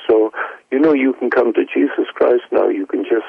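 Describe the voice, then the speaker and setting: A man on a radio call-in show, answering questions in an emphatic preaching manner with sweeping rises in pitch. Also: steady tone, moderate pace, vocal fry, no echo, dull audio. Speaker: guest preacher.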